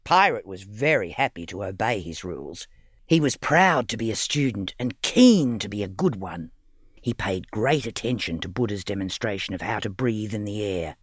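Lively man reading a children's story. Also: on the low side, no room sound, clean studio sound. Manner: lively, expressive reading aloud. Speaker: children's book author.

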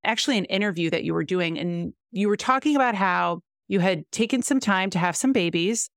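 A woman's voice: medium pitch, animated, brisk, no echo, clean studio sound. A woman hosting a podcast, upbeat and chatty as she introduces her guest and asks questions. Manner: upbeat, chatty with filler words. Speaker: podcast host. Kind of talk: interviewing a guest.

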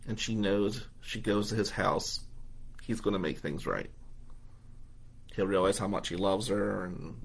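A man in his fifties from New Jersey, a radio host telling a personal story in an animated, conversational way and acting out the dialogue. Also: lowish voice, gravelly, breathy edge.

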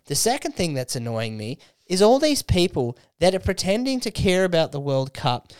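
A man's voice: sits high, big pitch swings, normal speed, few pauses, a little mellow, clear, resonant tone, no room sound, clean studio sound. A young Australian man co-hosting a podcast, ranting and mocking with lots of swearing. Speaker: podcast co-host. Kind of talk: crude casual banter.

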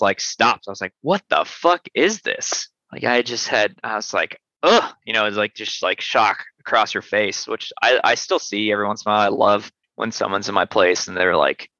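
A man with a gravelly, somewhat low voice talks about his work in a loose, easygoing way, scattering fillers and curse words through his talk. His tone has a bright edge. The recording sounds dry and a little muffled. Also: dry recording. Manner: loose and profane, many fillers. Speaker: sour beer brewery owner, guest. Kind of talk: casual interview chat.

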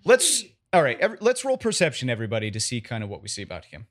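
A man's voice: mid-range voice, huge pitch swings, quick pace, a bit bright, soft background music. A man running a tabletop game as game master, narrating in a casual, descriptive way with fillers.

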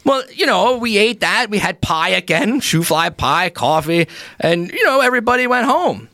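A man's voice: high-pitched, normal speed, no echo, clean studio sound, heavily acted. A man playing a chatty Pennsylvania Dutch lodge secretary, spinning a rambling comic tale in a folksy Pennsylvania Dutch accent. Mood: folksy, amused. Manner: rambling, animated, acts out every speaker in the tale. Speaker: podcast contributor telling a story. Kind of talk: comedic character storytelling.

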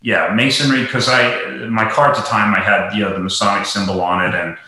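A man's voice: lowish voice, fairly even intonation, a little fast, bright, forceful tone. A man talking as a guest in a casual interview, rambling with many fillers and restarts. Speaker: guest, golf professional. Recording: very echoey room.

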